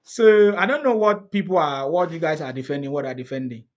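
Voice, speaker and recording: A man's voice: on the high side, fairly quick, dull audio. A man with a Nigerian accent in casual political chat, laughing often, repeating himself and asking rhetorical questions.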